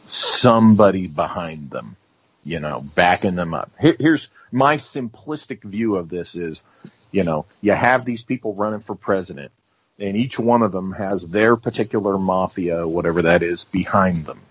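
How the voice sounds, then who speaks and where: Man, radio guest, husky, lowish voice, measured, filler-heavy, dry, muffled line. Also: no echo. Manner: measured, lots of "um" and "you know". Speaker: guest author and researcher. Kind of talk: radio talk show discussion.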